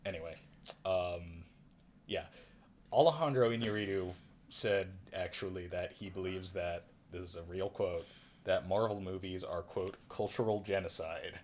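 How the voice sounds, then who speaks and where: A man's voice: low-pitched, unhurried, a little mellow, a little hiss or hum. A man hosting a casual film review podcast, rambling and self-correcting with a wry tone. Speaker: podcast host reviewing films. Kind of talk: casual chat.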